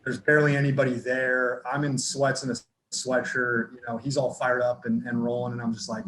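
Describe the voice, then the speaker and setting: A man from Northern California, a football strength coach telling his story casually in a podcast interview, relaxed and rambling with lots of fillers and restarts. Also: medium pitch, brisk, a little hiss or hum. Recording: echoey room with faint ambience.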